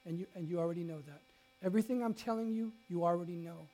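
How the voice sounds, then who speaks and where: A man preaching a sermon as a pastor, telling a personal story with lively swings from loud to quiet and frequent restarts. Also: high voice, fast.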